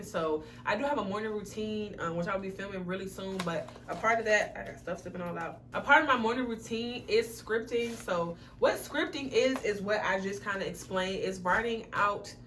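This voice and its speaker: Young woman vlogger, a bright and lively talker who curses casually, recorded a little off-mic with faint noise. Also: medium pitch, distant mic. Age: young adult. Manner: chatty, swears freely, excitable. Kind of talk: casual talk to camera.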